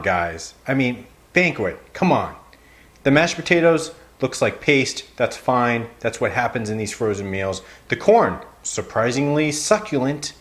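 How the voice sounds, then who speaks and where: Dude reviewing frozen dinners on camera, wry and kinda fed up in a joking way, middle-pitched voice. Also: male voice. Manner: wry, playfully exasperated, addresses viewers as guys. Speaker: frozen food reviewer, show host. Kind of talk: casual food review to camera.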